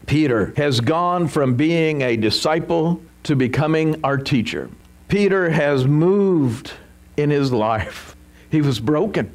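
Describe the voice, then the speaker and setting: Emphatic, lively-voiced male preacher. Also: on the high side, takes it slowly. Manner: emphatic, animated preaching with rhetorical questions. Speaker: pastor. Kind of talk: sermon.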